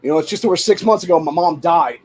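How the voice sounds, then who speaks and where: A man's voice: fairly high pitch, quick pace, darkish tone, slightly rough, rough recording. A man in his forties from Ohio, hosting a podcast and venting in a frustrated, profanity-filled rant. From Ohio, USA. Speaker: podcast host. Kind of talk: casual venting monologue.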